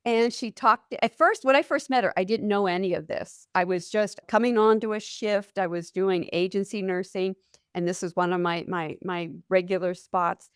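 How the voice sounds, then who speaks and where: A woman's voice: mid-range voice, moderate pace, clear, resonant tone, no echo, studio quality. A middle-aged woman, a nurse hosting a podcast, asking questions and telling anecdotes from her nursing work. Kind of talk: conversational podcast interview.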